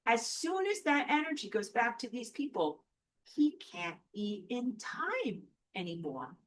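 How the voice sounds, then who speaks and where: A woman's voice: on the high side, big pitch swings, a little slow, a little hiss or hum. A woman giving a casual, chatty lecture while she draws on a whiteboard. She thinks aloud, jokes and corrects herself as she goes. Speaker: spiritual teacher.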